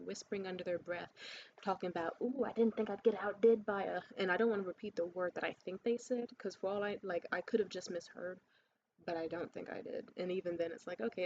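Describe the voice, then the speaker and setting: A woman's voice: fairly low pitch, darkish tone. A woman talking to camera in a blunt, profane and sarcastic rant. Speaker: vlogger. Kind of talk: ranting monologue to camera. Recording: slightly muffled with faint hiss.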